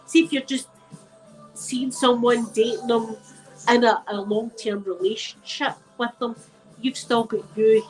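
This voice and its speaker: A woman's voice: a little high, steady tone, measured pace, soft background music, rough recording. A middle-aged Scottish woman with a cold, chatting casually and emphatically with her viewers as a channel host. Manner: chatty and emphatic, repeats phrases, uses local words like wee and dead. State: has a cold. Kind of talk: casual chat with live viewers.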